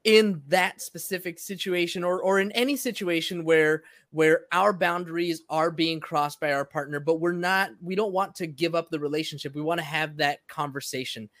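A man hosting a conversation, engaged and affirming, asking follow-up questions quickly. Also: a little high, fairly even intonation, a bit bright, dry recording. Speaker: podcast host. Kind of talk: interview conversation.

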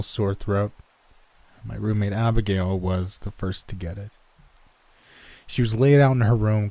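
A man calmly narrating a horror story in a measured first-person telling. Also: fairly low pitch.

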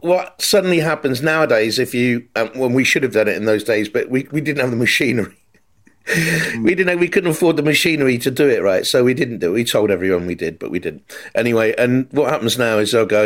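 A man, hosting a podcast and telling lively anecdotes in casual chat. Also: medium pitch. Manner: animated anecdote teller, mimics callers. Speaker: podcast host.

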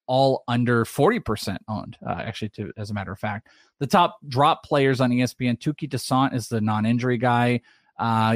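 A man co-hosting a casual fantasy baseball podcast, chatty and quick to rattle off names and ownership numbers. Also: medium pitch, no echo, studio quality. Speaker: podcast co-host.

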